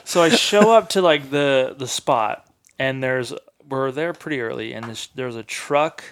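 A guy on a podcast spinning a story, casual and animated, cussing a lot and saying "like" constantly. his voice sits in the middle, neither high nor low, and he sounds fired up. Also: unhurried. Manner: animated, swears freely, many fillers. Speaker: podcast guest, hunter. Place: in-person recording on a hunting trip.

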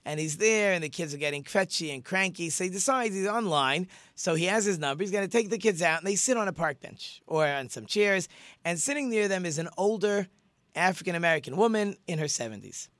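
A middle-aged rabbi hosts his radio talk show, rambling warmly through a story with plenty of ums and restarts. His voice sits a little high and rings bright and forceful. The sound is close and dry, as from a studio. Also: animated, brisk, no room sound. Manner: conversational and chatty, many fillers and restarts.

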